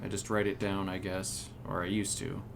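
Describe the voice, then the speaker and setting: A man's voice: low-pitched, little pitch movement, normal speed, creaky, noisy background. A man playing a tabletop game, speaking hesitantly and full of ums as his character. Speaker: player.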